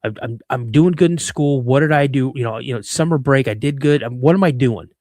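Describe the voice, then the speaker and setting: A man in his fifties from Washington State, telling a personal story as a podcast guest, animated, acting out the voices in it and often repeating himself. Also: mid-range voice, brisk, no room sound, clean studio sound. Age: 50s. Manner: repeats words and restarts mid-sentence. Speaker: guest, cryptid researcher.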